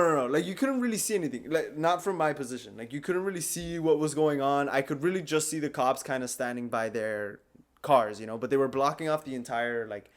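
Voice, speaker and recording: A young man on a podcast telling a story in a casual, profane way, laughing often and filling his speech with "like". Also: mid-range voice. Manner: laid-back, profane, laughs through his story, lots of "like" fillers. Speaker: podcast co-host.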